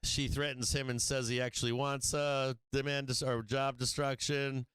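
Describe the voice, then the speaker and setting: A man hosting a live stock trading stream, chatting casually, swearing freely and laughing often, sometimes getting loud and excited. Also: mid-range voice, normal speed, smooth, dry recording. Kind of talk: casual profane trading commentary.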